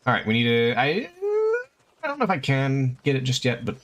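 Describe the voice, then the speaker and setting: A man's voice: mid-range voice, huge pitch swings, fairly quick, a bit bright. A young man casually commenting while he plays a video game, chatty and swearing freely, talking to his chat and to the game. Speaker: streamer. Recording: faint game music behind.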